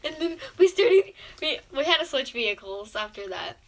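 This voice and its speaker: A woman's voice: sits high, sing-song, moderate pace. A young woman telling a rambling, giggly story about a friend in a casual vlog.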